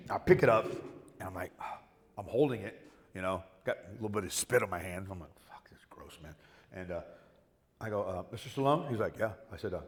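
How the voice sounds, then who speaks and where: A middle-aged man telling rambling, profane stories as a guest on a convention panel. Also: medium pitch. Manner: rambling, profane, animated storytelling with whoops. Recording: echoey hall with long reverb.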